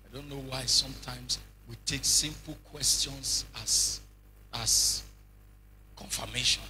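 A man preaching a sermon in an animated, humorous way, full of rhetorical questions and anecdotes. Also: medium pitch, slow, a little hiss or hum. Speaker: bishop, preacher.

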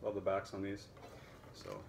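Chatty man with a relaxed, rambling delivery. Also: sits low, unhurried, vocal fry, soft background music. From United States. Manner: relaxed, chatty, many fillers. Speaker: violin teacher and seller. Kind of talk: casual talk to camera.

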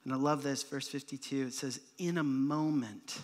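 A man preaching a sermon as pastor, casual and joking, with quick asides and playful sound effects. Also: medium pitch, steady tone. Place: church sanctuary. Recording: church hall reverb.

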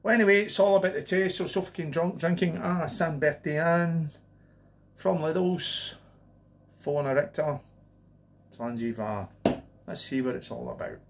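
A man with a fairly high-pitched voice chats his way through a beer review. He rambles and drifts into jokey asides between sips. His delivery stays loose and unpolished. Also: unhurried, long pauses, very noisy. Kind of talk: casual beer review vlog.

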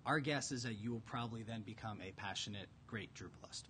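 A man working as a recruiter, answering on a conference panel with many restarts and pauses. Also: fairly low pitch, noisy background. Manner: hesitant, many restarts and fillers.

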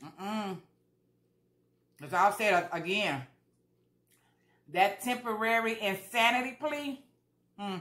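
A woman's voice: mid-range voice, slow, pauses often, fairly bright tone, roomy sound. A woman vlogger talking casually while she eats, chatty and repeating herself for emphasis. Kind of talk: casual mukbang chat.

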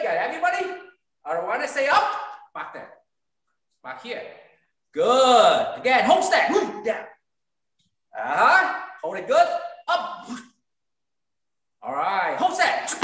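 In a very echoey training studio, far from the mic, a martial arts instructor teaches kids kung fu online. He gives brief drill commands and counts repetitions in a very high, bright, forceful voice.

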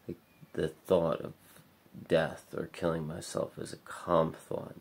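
A man's voice: extremely low pitch, flat delivery, measured pace, gravelly. A man talking in a bleak, rambling confessional vlog monologue, swearing often and leaning on filler words. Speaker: vlogger.

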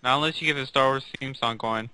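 A man's voice: mid-range voice, fast, pushed and bright, a little hiss or hum. A man chatting casually while playing a block-building game with friends, laid-back with goofy comebacks. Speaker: gamer. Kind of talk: casual gameplay chat.

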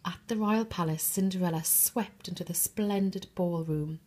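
A woman reading a bedtime story for toddlers in a soft, expressive way, sometimes dropping to a whisper. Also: on the low side, moderate pace.

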